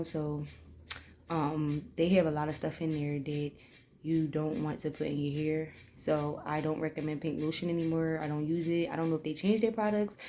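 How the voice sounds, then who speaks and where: A young woman rambles earnestly through a hair tutorial in a low, mellow voice. Her chat is loose and full of fillers, and a faint hiss sits under it. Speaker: hair vlogger. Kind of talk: casual chatty hair tutorial.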